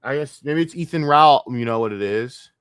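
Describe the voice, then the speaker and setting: A male streamer talks alone in a loose, rambling rant, swearing freely and often trailing off. His voice sits at an ordinary middle pitch. The sound is dry and close, with no room around it. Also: normal speed, fairly bright tone, clear, resonant tone, no echo. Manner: rambling, profane, trails off and laughs to himself. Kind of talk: casual solo livestream rant.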